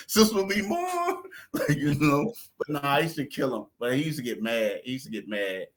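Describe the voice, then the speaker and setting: A man's voice: fairly high pitch, measured pace. A man co-hosting a sports podcast, telling a story with lots of laughs and acting out other people's voices. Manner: animated storyteller, acts out voices and laughs often. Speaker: podcast co-host. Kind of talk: casual sports chat.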